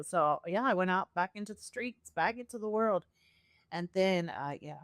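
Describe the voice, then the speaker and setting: A woman's voice: fairly low pitch, moderate pace, clear, resonant tone, dry recording, clean studio sound. A woman guest on a podcast telling her personal story with feeling, acting out the voices she quotes. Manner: earnest, animated, acts out quoted voices.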